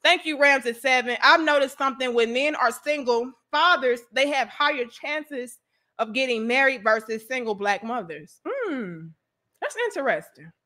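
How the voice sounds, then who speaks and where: A woman host with a St. Louis accent giving loose livestream commentary, profane and animated, laughing often and answering viewer comments. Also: high voice, normal speed. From St. Louis, USA.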